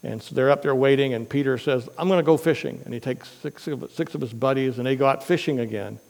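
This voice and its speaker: Gravelly-voiced preacher man. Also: mid-range voice, fast, long reverb tail, rough recording. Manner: retells scripture with lively quoted dialogue and asides. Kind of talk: sermon storytelling.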